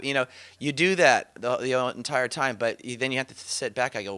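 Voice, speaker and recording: A man teaches about inner healing in a relaxed, conversational style, telling animated stories, quoting others and laughing often. His voice is bright and forward, medium-pitched and clean, at a moderate pace.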